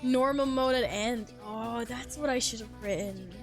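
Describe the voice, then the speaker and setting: A woman's voice: on the high side, measured pace, soft background music. A young woman streaming a game, chatting to her viewers in a playful, self-mocking way, laughing and swearing casually as she plays. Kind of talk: casual live-stream chat while gaming.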